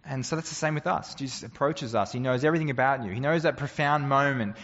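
Earnest pastor preaching in a hall. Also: male voice, mid-range voice, fast talker, fairly bright tone, dull audio. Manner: conversational, earnest, with rhetorical questions. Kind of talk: sermon.

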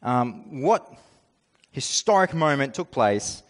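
A man's voice: mid-range voice, big pitch swings, slow. A man, a pastor opening a sermon in a casual, conversational way.

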